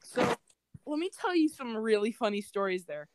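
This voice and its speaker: A woman's voice: fairly high pitch, big pitch swings, normal speed, noisy background. A young woman chatting on a casual podcast, telling rambling stories full of restarts and quoted voices. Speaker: podcast co-host. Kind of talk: casual chat.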